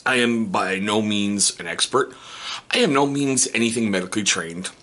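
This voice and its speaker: A man's voice: lowish voice, normal speed, bright, forceful tone. A man in his forties talking candidly to camera in a casual vlog, joking between points and asking rhetorical questions. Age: 40s. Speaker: vlogger. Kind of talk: casual self-help talk to camera.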